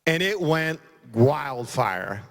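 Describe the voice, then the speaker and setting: A man's voice: medium pitch, sing-song, extremely slow, fairly bright tone. A middle-aged man, a county sheriff, giving an emphatic, folksy conference speech. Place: conference hall. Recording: long hall reverb.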